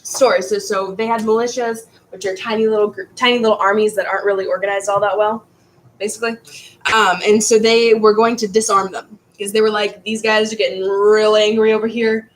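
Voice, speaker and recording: A woman's voice: mid-range voice, steady tone, brisk, rough recording. A woman teaching a history class in a casual, rambling way, stumbling over words and restarting.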